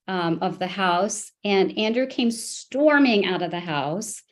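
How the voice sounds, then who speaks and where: A woman testifying in a custody case, telling events in a halting way with many restarts and fillers. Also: lowish voice. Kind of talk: court testimony.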